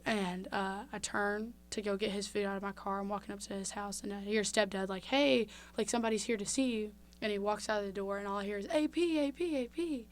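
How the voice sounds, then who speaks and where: A woman's voice: mid-range voice, little pitch movement, fast, hardly any pauses. A young woman from Mississippi, a podcast guest telling a personal story candidly with lots of fillers. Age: young adult. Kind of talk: casual interview.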